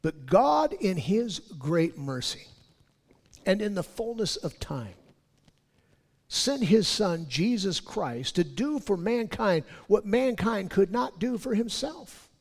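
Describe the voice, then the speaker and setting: High gravelly preacher in echoing hall. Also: male voice, big pitch swings, takes it slowly. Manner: swells loud on key points, drops low on scripture. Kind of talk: sermon. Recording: long hall reverb.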